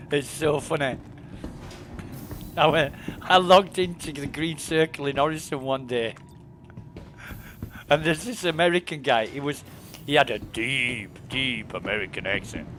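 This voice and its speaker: A man's voice: mid-range voice, fairly bright tone, slight background noise. A man chatting casually while live-streaming a video game, rambling with lots of fillers and laughing at his own stories. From United Kingdom. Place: home desk.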